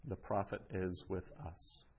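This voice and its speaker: A Greek teacher gives a slow, explanatory language lesson in a low, husky, slightly mellow voice that barely moves in pitch. He takes his time, reading each phrase twice before translating it and dropping in frequent ums, all on dull-sounding audio.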